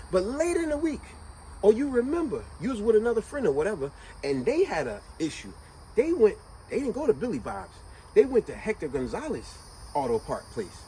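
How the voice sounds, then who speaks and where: A man's voice: high-pitched, slight background noise, poor audio. A man telling a motivational story in a casual, slangy way, full of rhetorical questions to his viewers. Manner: animated, slangy retelling with lots of rhetorical questions. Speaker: motivational vlogger.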